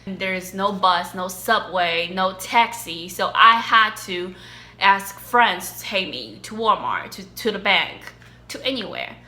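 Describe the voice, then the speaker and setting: Young woman, Chinese accent, bright tone, casual animated chat, echoey room. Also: mid-range voice, unhurried. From China. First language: Mandarin Chinese. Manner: chatty, animated, laughs often. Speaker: vlogger.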